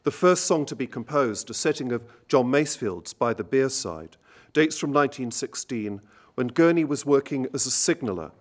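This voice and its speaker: A man introducing songs at an evening recital, speaking in a measured, literary way and reading poems aloud. He slows down to stress quoted lines. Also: mid-range voice, lively intonation. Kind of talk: lecture with poetry reading.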